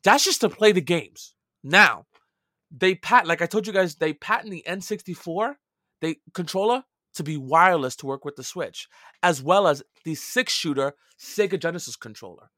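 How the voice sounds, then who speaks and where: Bright-voiced Brooklyn man, casual gaming chat. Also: on the high side, expressive, normal speed, no room sound, clean studio sound. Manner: chatty and loose, with mild swearing and many restarts. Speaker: podcast co-host.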